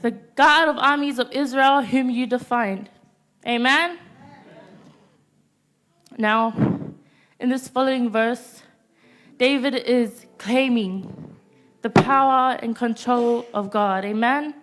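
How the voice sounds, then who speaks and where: A teenage girl with a high voice preaches to a youth congregation in a church. She delivers her sermon in short, declared points and pauses after nearly every one to ask "Amen?" as call-and-response. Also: fairly bright tone. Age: teens.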